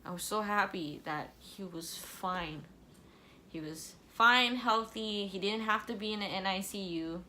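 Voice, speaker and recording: A woman's voice: medium pitch, a little slow, pushed and bright. A young woman speaks to her camera in a candid, personal way. Her voice is emotional and at times tearful and apologetic. She has a mid-range voice, with a faint hum in the background. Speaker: vlogger. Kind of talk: personal storytelling vlog.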